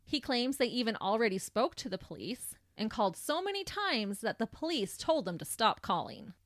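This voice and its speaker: A woman's voice: a little high, very animated, normal speed, a bit bright, no room sound, clean studio sound. A woman hosting a podcast, recounting a true crime case in a sardonic storytelling manner. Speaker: podcast host.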